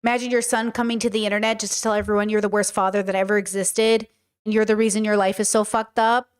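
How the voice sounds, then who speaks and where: A woman's voice: medium pitch, flat delivery, fast talker, clear, resonant tone. A woman streamer reacting to a video, ranting bluntly and swearing in casual chat.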